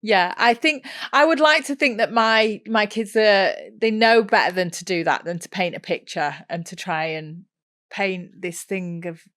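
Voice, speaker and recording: A middle-aged woman co-hosting a casual chat podcast, agreeable and quick to laugh. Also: mid-range voice. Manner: agreeable, laughs often, lively. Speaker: podcast co-host.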